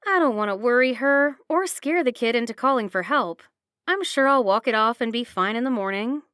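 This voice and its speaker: A woman reading a first-person romance audiobook with steady, expressive narration. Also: a little high, smooth, no echo, clean studio sound.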